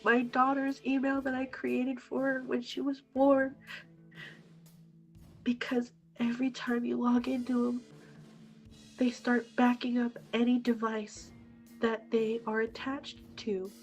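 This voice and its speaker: A woman's voice: a little high, level tone, unhurried, darkish tone, faint music behind. A woman earnestly describing her own experience in an interview, stressing each point in a list. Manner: earnest, emphatic listing. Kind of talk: personal testimony.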